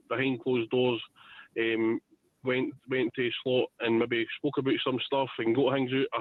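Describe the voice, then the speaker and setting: A man with a Scottish accent calling into a radio phone-in, hesitant and full of restarts and fillers. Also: mid-range voice. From Scotland. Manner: hesitant, many restarts and fillers, says "wee" and "ken". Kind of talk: casual call-in opinion. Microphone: telephone. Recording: tinny phone line.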